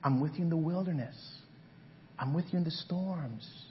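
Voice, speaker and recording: A man voicing God in a whispered role-play, speaking softly and tenderly in a hushed, breathy near-whisper. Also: high voice, animated, moderate pace, long reverb tail, dull audio, a little hiss or hum, voice pushed up. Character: voice of God, tender, close, insistent male spirit.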